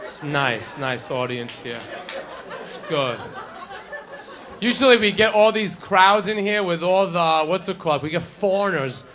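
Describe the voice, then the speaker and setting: Brash high-voiced stand-up comedian. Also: male voice, expressive, measured pace. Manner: brash crowd work, shouting punchlines and acting out characters. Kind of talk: stand-up routine. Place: comedy club stage. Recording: live club with crowd laughter and ambient noise.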